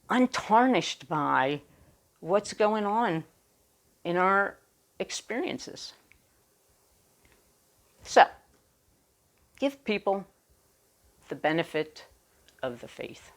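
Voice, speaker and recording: A woman minister giving a sermon, speaking deliberately with emphatic pauses. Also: mid-range voice.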